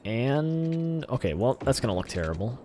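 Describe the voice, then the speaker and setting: A man's voice: medium pitch, sing-song, normal speed, a little hiss or hum. A man giving casual gameplay commentary, rambling and talking back at the game. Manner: rambling, talks to the game, erupts in shouted cheers. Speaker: gaming channel host.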